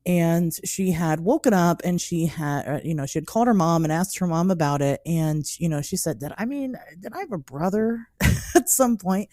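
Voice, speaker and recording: A woman in her thirties hosting a podcast, telling stories in a casual, animated way with frequent laughs and many "like" fillers. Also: lowish voice, moderate pace, dry recording, clean studio sound. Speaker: podcast host. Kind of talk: casual storytelling chat.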